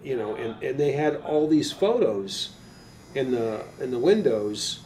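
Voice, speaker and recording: In a laid-back interview, the older tattoo artist rambles through his stories animatedly, dropping casual swears. The mic is slightly distant, his pitch is medium, his pace measured, and there's slight background noise.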